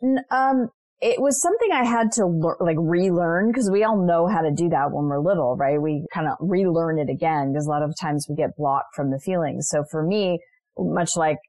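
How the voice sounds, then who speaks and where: The guest, a woman who works as a transformational leader and spiritual mentor, tells personal stories on an interview show with earnest reflection and plenty of "you know" asides. Her low voice has a darkish tone, and the recording is dry.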